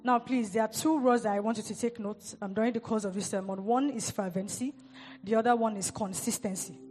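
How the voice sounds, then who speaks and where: A woman's voice: on the high side, fairly even intonation, a little fast, a little mellow, big-room sound, a little hiss or hum. A woman giving a sermon, repeating and stressing key words as she builds emphasis. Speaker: preacher.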